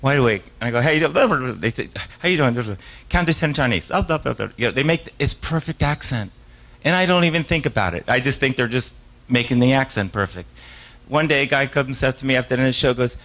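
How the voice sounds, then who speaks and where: Speaking fast with few pauses, this man has a medium-pitched, slightly bright voice and lively intonation, though the audio is poor. He is a stage hypnotist at a live author talk taking questions from the audience, a rambling storyteller who keeps restarting sentences, cutting himself off, laughing, and performing voices.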